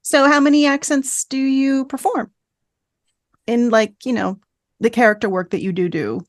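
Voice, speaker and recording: A woman's voice: on the high side, dry recording, clean studio sound. Curious woman hosting a podcast. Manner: curious, quick questions and short reactions. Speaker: podcast host. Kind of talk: casual podcast interview.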